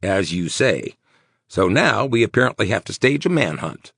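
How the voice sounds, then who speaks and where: A man voicing a nervous, sweating male mayor, talking in tense, insistent rapid bursts. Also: on the low side, very animated, vocal fry, fairly bright tone, breathy edge, no echo, clean studio sound, pitched above the performer's own voice, exaggerated voice. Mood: worried.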